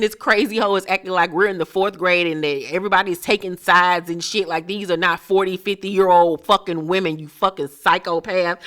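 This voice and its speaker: A woman's voice: medium pitch, fairly bright tone. A woman giving a brash, sarcastic, swear-filled recap of a reality show episode.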